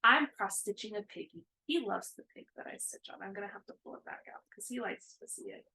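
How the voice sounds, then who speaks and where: A woman's voice: mid-range voice, lively intonation, quick pace, gravelly, low-quality recording. A woman in her thirties, co-hosting a casual chat about cross-stitching, rambling with many fillers.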